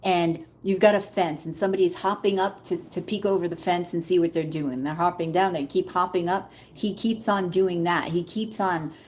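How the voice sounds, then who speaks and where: A woman's voice: fairly low pitch, fairly even intonation, normal speed, few pauses, darkish tone, slight background noise. A woman giving a casual live tarot reading, chatting directly to viewers and calling them Queen. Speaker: tarot reader.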